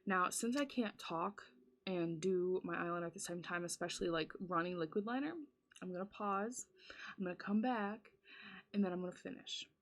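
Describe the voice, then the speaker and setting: A woman's voice: lowish voice, normal speed. A woman vlogger telling a spooky story in casual chat while doing her makeup, full of "like" fillers and dramatic retelling.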